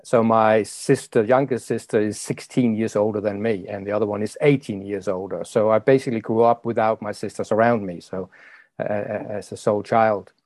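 A man's voice: on the low side, fairly even intonation, a little mellow, no echo. Hesitant man with a dry sound. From Europe. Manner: hesitant, halting, repeats words. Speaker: podcast guest, life coach. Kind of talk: casual interview chat.

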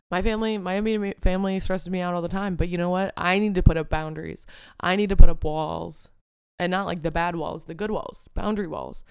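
A young woman hosts a solo podcast and talks frankly, swearing freely and filling her talk with "like" and "you know." Her voice has a gravelly fry, yet it stays very clean and clear. The sound is dry and close to the mic. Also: fairly low pitch, fairly even intonation, fast, dry recording. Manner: candid and profane, lots of fillers like "like" and "you know". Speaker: podcast host. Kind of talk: casual solo podcast monologue.

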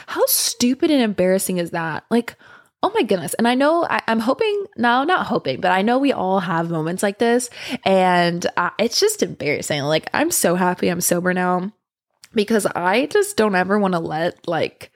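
A woman's voice: mid-range voice, animated, normal speed, no room sound, studio quality. A young woman telling a candid storytime to her viewers, rambling and swearing freely. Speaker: vlogger. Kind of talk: casual storytime monologue.

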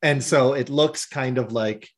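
A man's voice: medium pitch, unhurried. Man recapping a story casually. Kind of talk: casual chat.

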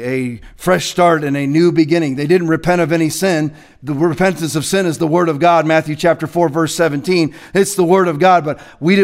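A man preaching as a pastor in a studio, confrontational and fiery, swinging from quiet asides to shouted scripture. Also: high voice. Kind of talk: preaching sermon.

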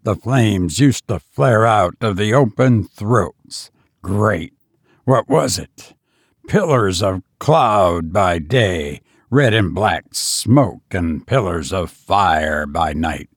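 A menacing ironworks master, read by a man in a slow, gravelly voice, pointing out his furnaces with a gloating, wide-ranging lilt. He dwells on every word, his tone dropping low and grim as he talks on. A dry, close recording. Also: expressive, no room sound, full character voice. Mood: brooding. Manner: loquacious, showing off with grim relish.

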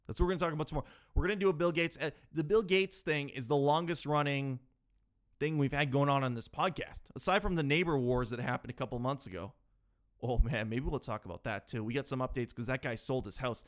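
Here a thirty-year-old solo podcast host talks a little quickly in a medium-pitched voice. Picked up by a podcast microphone, his monologue wanders and turns self-mocking, with his exasperation rising as it continues.

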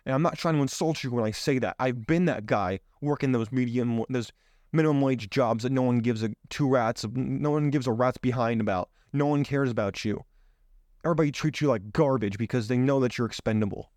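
This man's voice is mid-range and a little mellow, and he talks briskly in a dry recording. As a podcast host, he gives an emphatic motivational speech loaded with rhetorical questions, using his own microphone on camera.

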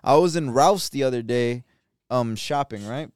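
A man's voice: medium pitch, normal speed, a little mellow, clean tone, no echo. A man in his twenties co-hosting a podcast, telling stories in a laid-back, joking way. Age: 20s. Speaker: podcast co-host. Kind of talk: casual chat.

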